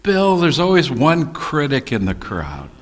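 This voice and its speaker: A man teaching a Bible study class, reading scripture deliberately and making folksy, teasing asides to his listeners. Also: medium pitch, wildly swooping pitch.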